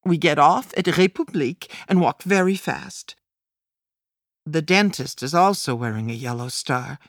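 A woman reads a first-person memoir for an audiobook, her voice deep for a woman and her delivery slow and measured. The recording is dry and close, with no room echo. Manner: measured, plain present-tense storytelling. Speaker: audiobook narrator.

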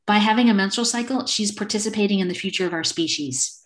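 A woman's voice: mid-range voice, fast. A middle-aged woman speaking earnestly as an interview guest, often acting out little quoted exchanges in a casual way.

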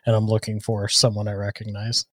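A man's voice: fairly low pitch, monotone, brisk, fairly bright tone, dry recording. Young man player, laid-back joker, dry close sound. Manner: laid-back, joking, lots of "like" fillers. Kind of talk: casual tabletop play.

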